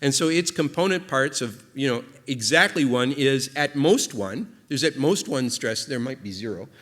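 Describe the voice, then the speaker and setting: A man delivering an academic conference talk at a middle pitch, thinking aloud as he goes, with lots of fillers and restarts. His voice carries the long reverb of a lecture hall. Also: expressive, normal speed, fairly bright tone. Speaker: invited speaker.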